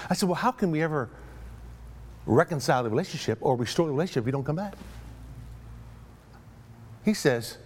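This middle-aged pastor has a slightly high voice and speaks quickly and animatedly, pausing often. In his sermon he tells a story by acting out both sides of a phone call, stammering when he gets worked up.

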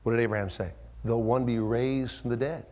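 Man, pastor, sermon, whispers then shouts, acts out quotes. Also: fairly even intonation, fairly quick. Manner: swings from hushed whispers to loud, high-pitched emphatic rises; acts out quoted voices with strong pitch jumps. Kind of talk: expository sermon.

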